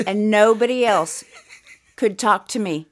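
A woman's voice: mid-range voice, unhurried. A middle-aged woman co-hosting a podcast, telling a story in a blunt, profane way and acting out each person's voice. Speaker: podcast co-host. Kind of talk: animated storytelling chat.

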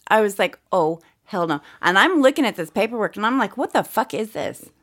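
Mid-range and fairly bright with lively intonation, this middle-aged co-host speaks fairly quickly. She relates a story on the podcast in a blunt, profane manner, performing everyone's voices.

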